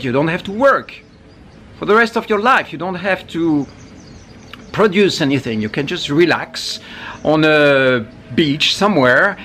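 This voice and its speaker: A man talking casually to camera as a spiritual teacher, animated, with frequent asides and restarts. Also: on the high side, a little hiss or hum.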